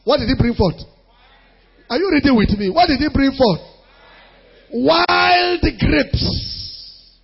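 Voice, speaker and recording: A man's voice: extremely high pitch, lively intonation, fairly quick, long pauses, slightly rough, dull audio. A man preaching a sermon, reading scripture aloud and then questioning his listeners with rising emphasis.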